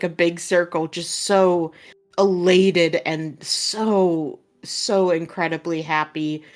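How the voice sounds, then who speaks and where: Woman game master, lowish voice, slow deliberate pacing, filler-heavy narration.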